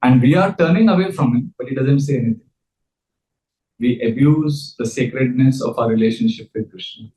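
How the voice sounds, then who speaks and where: A man teaches scripture in an earnest, explaining voice at a middling pitch. His lecture rings around a reverberant room. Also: fairly quick, mellow. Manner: earnest, leads call-and-response chanting. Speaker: spiritual teacher.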